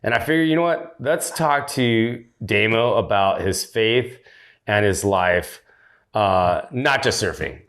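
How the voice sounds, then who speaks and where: Man, podcast host, loud and upbeat, fairly low voice, casual chat. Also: expressive, measured pace.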